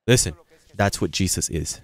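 A man preaching a sermon as pastor, reading scripture slowly and breaking into sudden loud, emphatic passages. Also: deep voice, no room sound. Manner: reads scripture aloud slowly and stresses it.

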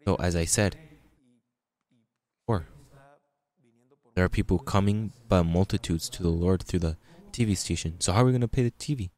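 Male pastor, low voice, informal sermon with scripture readings. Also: moderate pace, pauses often, darkish tone. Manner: conversational preaching, restarts, reads scripture aloud.

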